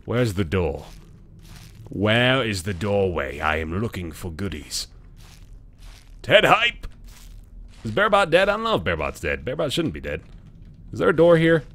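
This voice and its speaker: A man's voice: on the low side, sing-song, unhurried, long pauses, a bit bright. A young man streaming a game live, chatting to viewers and swearing and yelping whenever danger hits. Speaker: gaming streamer. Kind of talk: live let's play commentary.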